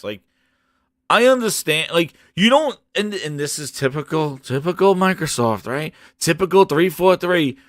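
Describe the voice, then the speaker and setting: Animated high-voiced man ranting. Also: normal speed, no echo, studio quality. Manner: animated, mocking, shouts high-pitched "who this?". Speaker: gaming channel host. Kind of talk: ranting show reaction.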